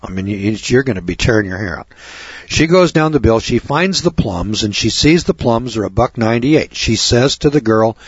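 A husky-voiced man spins a rambling, indignant monologue on air. His voice comes through dry and close, on a dull lo-fi recording. He circles back, repeats himself and keeps talking at the listener. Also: mid-range voice, expressive, normal speed, no room sound. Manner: indignant, repetitive, conversational.

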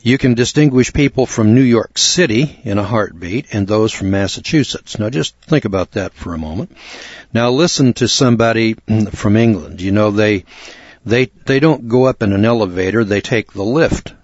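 A low-pitched man gives a deliberate, measured Bible lecture and clears his throat now and then. The recording is dry and somewhat dull, with no room sound around the voice. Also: expressive, no echo. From United States. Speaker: Bible teacher.

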